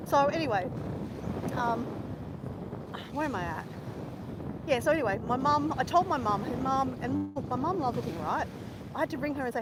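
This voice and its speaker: A woman's voice: high voice, moderate pace, pauses often, very noisy. Chatty Australian woman swearing outdoors. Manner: chatty, animated, swears freely. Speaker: vlogger. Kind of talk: casual live-stream chat while walking. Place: outdoors near a lake and bridge.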